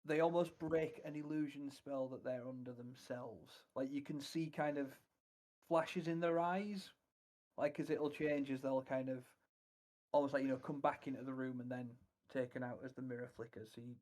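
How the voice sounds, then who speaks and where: A man's voice: mid-range voice, steady tone, normal speed, a little mellow. A man narrating as dungeon master in a tabletop game, hesitant and full of "kind of" and "um".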